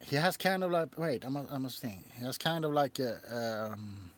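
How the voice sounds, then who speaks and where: This ASMR creator speaks in an expressive mid-range voice with no room sound behind it. He chats casually on a livestream about shows and the characters he voices for ASMR, laughing as he rambles along slowly and haltingly.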